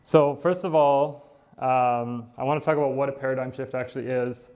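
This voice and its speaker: A man's voice: mid-range voice, steady tone, moderate pace, darkish tone. A middle-aged man, a dentist, giving a casual presentation, with fillers and asides. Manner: conversational, with fillers, laughs and "right?" asides. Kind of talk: casual talk.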